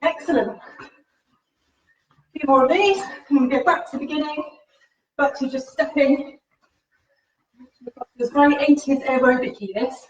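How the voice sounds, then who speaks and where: High-voiced woman leading a home workout. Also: normal speed, pauses often. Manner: upbeat, encouraging, talks while exercising. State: slightly out of breath. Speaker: fitness instructor. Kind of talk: live-streamed workout class with faith reflection. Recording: roomy, distant, dull livestream audio.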